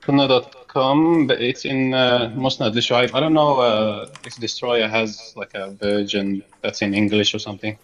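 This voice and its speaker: A man's voice: mid-range voice, steady tone, normal speed, few pauses, low-quality recording. A man guest in a casual podcast chat, hesitant and teasing with questions. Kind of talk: casual group chat on a call.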